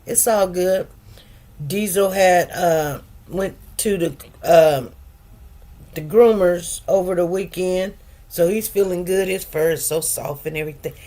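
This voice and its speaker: A woman's voice: on the low side, measured pace, warm tone. A woman in her fifties hosting a livestream, chatting casually with viewers in a rambling, laughing way. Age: 50s. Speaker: livestream host.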